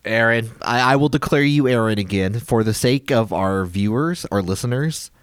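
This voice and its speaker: A man of middle pitch hosts a casual podcast chat. His voice moves up and down a lot as he rambles and trips over his words. The sound is dry and close. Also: animated, moderate pace, clean tone, no room sound. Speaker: podcast host.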